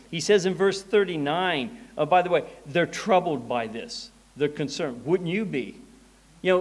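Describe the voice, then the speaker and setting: A pastor preaching a conversational sermon in church, often restarting and repeating words as he goes. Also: fairly high pitch.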